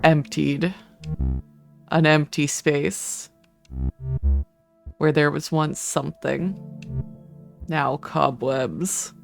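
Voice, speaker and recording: A streamer putting on a mournful male ghost who speaks slowly and softly, lingering on every dark phrase. The voice has a gravelly edge, and soft synth music plays underneath. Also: medium pitch, fairly even intonation. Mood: solemn. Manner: slow, hushed, dramatic pauses. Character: gloomy murdered male ghost, solemn and slow.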